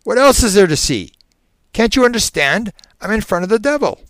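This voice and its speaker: A man voicing a terrified man under regression hypnosis, a former preacher, with shrill panicked outbursts. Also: sing-song, unhurried, no room sound, clean studio sound.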